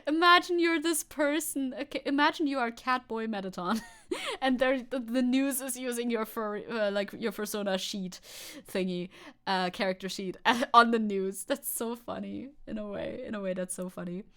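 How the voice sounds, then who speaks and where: A woman's voice: on the high side, normal speed, fairly bright tone, clear, resonant tone. A young woman streamer chatting casually over news clips, rambling and swearing, laughing often and restarting her sentences. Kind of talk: casual live-stream chat.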